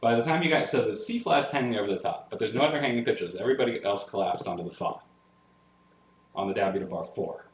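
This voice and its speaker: A man's voice: lowish voice, fast, slight background noise. Enthusiastic male music teacher in echoey room. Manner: explains step by step with solfege and frequent "right?" checks; energetic and enthusiastic about the music. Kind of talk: classroom analysis lecture. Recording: roomy echo with clear piano. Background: piano playing.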